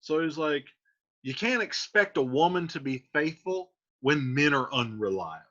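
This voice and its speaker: A man's voice: fairly high pitch, lively intonation, normal speed, bright, forceful tone. A male teacher explaining a play line by line, reading verse aloud and then paraphrasing it casually. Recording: dull lo-fi recording.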